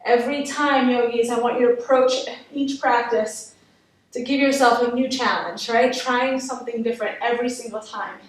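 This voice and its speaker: A woman's voice: a little high, fairly even intonation, moderate pace, far from the mic. A woman yoga instructor guiding a workout class, encouraging and counting down reps. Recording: echoey room, voice from off-mic.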